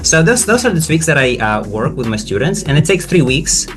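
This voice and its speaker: A man's voice: fairly high pitch, fairly quick, over music. Man hosting a casual chat, hesitant. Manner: hesitant, many restarts, animated questions. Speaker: podcast host and pronunciation tutor.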